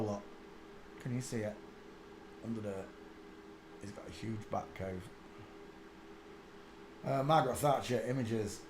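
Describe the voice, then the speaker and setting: A rambling man hosts his own channel and mutters to himself as he searches, then breaks into sudden loud laughing outbursts. His voice sits at a middle pitch. The room is echoey, with faint noise behind him. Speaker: channel host. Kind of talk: casual commentary while searching images on screen.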